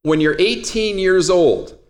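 With a high voice and an unhurried delivery, this man teaches a trading class. He jokes around casually and addresses his students directly in the classroom.

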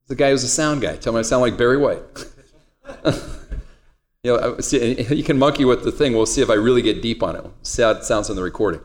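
In a classroom, a man with a mid-range, animated voice lectures on trading at a fairly quick clip. He keeps things casual, cracking jokes and speaking straight to his students.

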